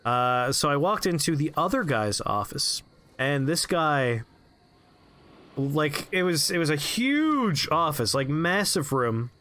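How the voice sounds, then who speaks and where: Chatting through a game session, a male streamer tells a story laced with plenty of swearing. His bright, higher-side voice swings lively up and down, though he takes his time, staying animated and chatty.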